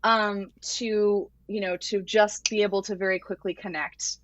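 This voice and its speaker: A woman's voice: mid-range voice, flat delivery, unhurried, no room sound. A woman guest on a podcast, talking earnestly and rambling a little, with lots of fillers as she gathers her thoughts. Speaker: podcast guest, voting-rights activist. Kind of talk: casual podcast chat. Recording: dull lo-fi dry sound.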